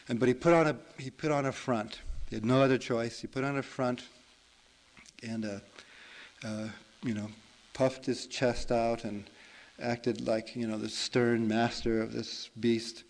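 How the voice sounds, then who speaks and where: A meditation teacher narrating a folk tale in a relaxed, chatty way, with fillers and self-corrections. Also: male voice, mid-range voice, measured pace, rough recording. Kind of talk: storytelling in a dharma talk.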